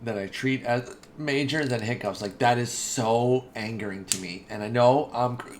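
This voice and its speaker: A man giving casual, chatty commentary over his own game playthrough, excitable and talking straight to his viewers. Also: medium pitch, normal speed, a little hiss or hum. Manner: chatty and excitable, says dude and y'all. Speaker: gaming video host.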